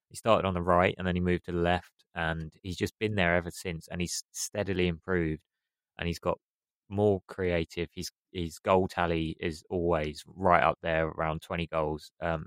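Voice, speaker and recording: A man's voice: low voice, no room sound. A man chatting as a podcast pundit, enthusiastic and piling up clauses. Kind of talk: casual football discussion.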